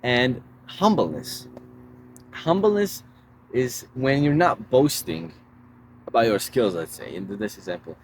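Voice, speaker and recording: A man's voice: mid-range voice, a little hiss or hum. A man giving casual self-help advice in a laid-back way, calling the listener bro.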